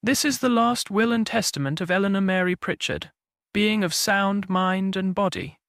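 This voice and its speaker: A man's voice: high-pitched, moderate pace, fairly bright tone, dry recording, clean studio sound. A man reading a formal solicitor.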